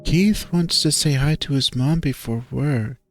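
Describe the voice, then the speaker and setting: A man's voice: medium pitch, measured pace, faint music behind, close to an everyday voice. A man voicing a dopey, childish young woman who puts on a snooty air, reading a furry visual novel aloud. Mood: eerie. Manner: whiny, childlike, sing-song.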